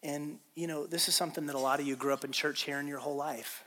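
A male pastor with a high, bright and keen voice delivers a sermon. He talks in a lively, conversational way, now loud and now hushed. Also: fast talker. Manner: animated, conversational preaching, swings from loud to quiet.

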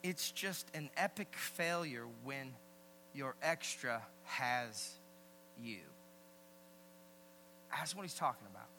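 A man preaching a sermon as a pastor, emphatic and animated, swinging between loud emphasis and hushed asides. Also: mid-range voice, slow pace, pauses often. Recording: long hall reverb with faint mains hum.

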